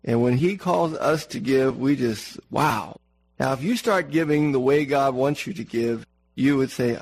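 A man's voice: mid-range voice, big pitch swings, a little slow, creaky, husky, low-quality recording. A man preaching a sermon in an earnest manner, repeating words for emphasis and asking the congregation questions.

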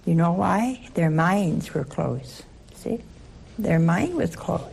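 Woman, Bible study leader, unhurried delivery, gravelly edge, playful questions. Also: on the low side. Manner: animated, playful, asks the audience questions. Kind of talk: lively scripture teaching to a group.

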